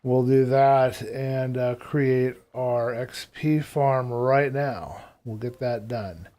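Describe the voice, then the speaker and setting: Male streamer, mellow tone, casual live gameplay commentary, thinks out loud. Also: medium pitch, takes it slowly. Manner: thinks aloud while planning; rambling, casual.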